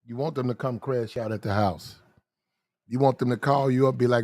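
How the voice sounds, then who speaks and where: A man giving blunt, slang-heavy dating advice in casual talk, drawing out his words slowly when he lists details. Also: medium pitch, steady tone, darkish tone, dry recording, studio quality.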